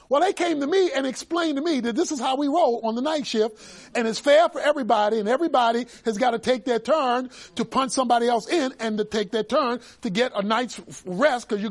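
A male pastor preaching a sermon, telling stories animatedly, with bursts of shouting. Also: extremely high pitch.

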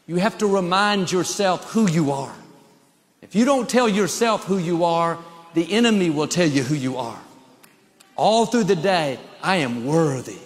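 A man's voice: sits high, long reverb tail. A male pastor preaching a sermon with an emphatic, repetitive cadence.

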